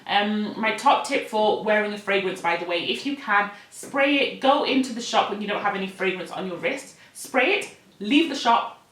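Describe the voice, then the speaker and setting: A woman's voice: mid-range voice, fairly bright tone. A young woman chatting casually and directly to her viewers as a beauty vlogger. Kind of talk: casual direct-to-camera chat. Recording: echoey room.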